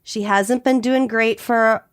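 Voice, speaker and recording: A woman's voice: on the high side, fairly even intonation, takes it slowly, smooth, no room sound, studio quality. A woman co-hosting a podcast from her home office, chatting casually, laughing often and swearing freely. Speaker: podcast co-host. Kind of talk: casual chat.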